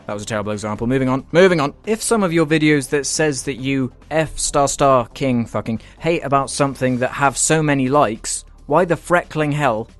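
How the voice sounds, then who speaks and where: Slightly high and at normal speed, with faint music behind, a British YouTuber reads viewer comments aloud. He responds with a sarcastic comedy rant full of swearing.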